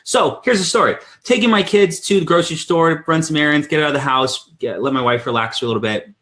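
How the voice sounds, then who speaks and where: A man in his thirties hosting a weekly sales training call, telling a story in an energetic, animated way with many restarts. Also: quick pace. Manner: energetic storyteller, lively swings in pitch. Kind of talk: casual live-stream talk.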